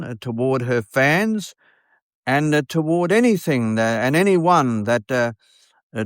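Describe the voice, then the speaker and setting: A man, a radio host telling a story in an earnest, unhurried way, with many fillers. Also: medium pitch, smooth, no room sound, studio quality. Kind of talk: storytelling monologue.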